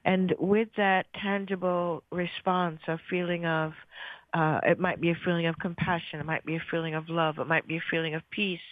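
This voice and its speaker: A woman leading a guided meditation, giving slow, soothing breathing instructions after playing a song. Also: on the low side, steady tone, no echo. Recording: thin phone-like dry audio.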